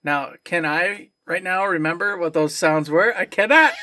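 A man co-hosting a casual podcast, telling a story with animated, emphatic delivery. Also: sits high, normal speed, slight background noise. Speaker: podcast co-host.

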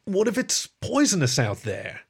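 Guy voicing a scared otter dude, anxious, pleading, rough and pitched up. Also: wildly swooping pitch, unhurried, full character voice. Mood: panicked. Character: nervous, frightened male otter husband.

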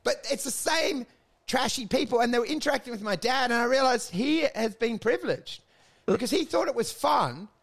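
A man rambles through crude comic stories on a casual podcast. His voice sits fairly high for a man and has a gravelly, creaky edge. He talks in a loose, animated way. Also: normal speed. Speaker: podcast co-host. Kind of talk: casual comedic chat.

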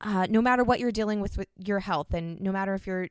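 A woman's voice: mid-range voice, fast talker, clear, resonant tone, no room sound. A woman hosting her own podcast, talking in a chatty, upbeat way and laughing often. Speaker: podcast host. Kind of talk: casual podcast talk.

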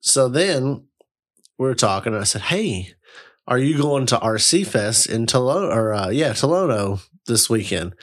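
A young man casually telling a long, rambling story, swearing freely and getting animated. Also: medium pitch, moderate pace. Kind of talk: casual chat.

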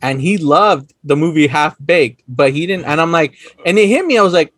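A young man talks about films in loose, animated chat, swearing freely and acting out favorite lines. His voice sits high and jumps all over the place. The sound is dry and close. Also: normal speed, hardly any pauses, no echo. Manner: animated, swearing, acts out movie quotes with laughs. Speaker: podcast co-host. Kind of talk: casual chat about movies.

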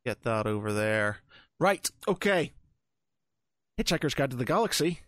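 A man's voice: medium pitch, moderate pace, no room sound, clean studio sound. A man from Northern Ireland with a Northern Irish accent, co-hosting a podcast and rambling through stories full of fillers. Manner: rambling, animated storyteller with frequent fillers. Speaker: podcast co-host. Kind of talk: casual chat.

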